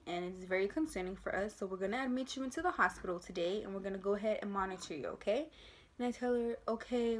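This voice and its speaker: A young woman tells her own pregnancy story straight to the camera in a casual vlog. Her voice sits at a middling pitch. She acts out the people she quotes with lively changes of voice. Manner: animated retelling, acting out quoted voices. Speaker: vlogger.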